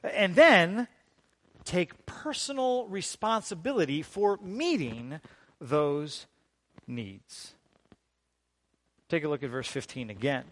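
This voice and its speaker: A man preaching a sermon as pastor, emphatic and deliberate, with dramatic pauses and strong swings in loudness. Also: a little high, expressive, no room sound.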